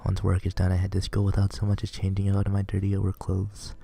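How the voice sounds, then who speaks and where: A man's voice: low-pitched, completely flat delivery, fast, gravelly, dark tone, slightly rough. A man reading a visual novel aloud in an earnest, plain manner, with small stumbles. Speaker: reader playing a visual novel.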